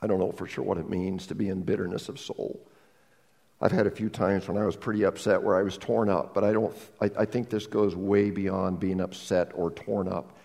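A man preaching a sermon as a pastor, telling a Bible story with lively humor and asides. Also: low-pitched, normal speed, gravelly, long reverb tail.

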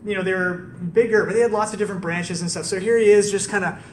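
An animated male preacher with a fairly high voice tells the story to a live crowd and keeps checking in with rhetorical questions. He sounds a bit far from the mic, and the large room adds a strong echo. A faint hum of ambience sits underneath. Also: quick pace. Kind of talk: conversational sermon.

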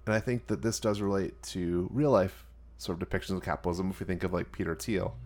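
Man, lowish voice, rambling, filler-heavy, casual movie chat. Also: fairly even intonation, quick pace, a little mellow. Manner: rambling, hedging with "like".

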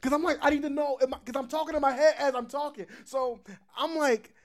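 A man hosting a podcast, telling a story in casual chat, animated and swearing, laughing often. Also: very high voice, brisk. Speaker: podcast host.

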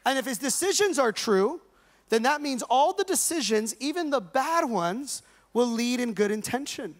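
A man's voice: extremely high pitch, expressive, moderate pace. A male pastor preaching a conversational, joking sermon in slangy everyday talk to a live congregation. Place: church service with a live congregation.

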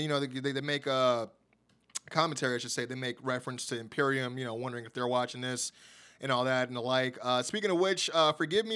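A man's voice: medium pitch, bright, forceful tone, smooth. A man hosting a podcast, chattily recapping wrestling shows with lots of fillers and laughs at his own jokes. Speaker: podcast host. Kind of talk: casual wrestling show recap.

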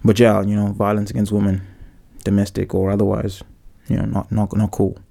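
A man's voice: fairly low pitch, flat delivery, fairly quick, gravelly, dark tone. A young man hosting a podcast, rambling through a profane, joking solo monologue. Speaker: podcast host. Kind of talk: casual comedic monologue.

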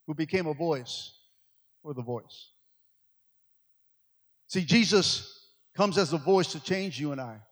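A male preacher delivering an energetic sermon in church, sweating from the effort and peppering his lines with amens. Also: fairly high pitch. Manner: call-and-response, frequent amens. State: sweating from exertion. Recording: long hall reverb.

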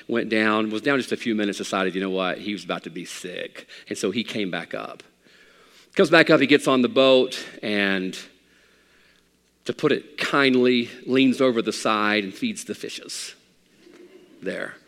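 A middle-aged man preaching a sermon as pastor, animated and rising to near shouts. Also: fairly low pitch, big-room sound. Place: church sanctuary.

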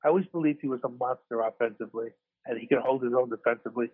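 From a hospital room after surgery, a podcast co-host rambles through casual sports chat, self-deprecating and restarting often. His medium-pitched voice is rapid-fire with a breathy edge, coming through a tinny phone line.

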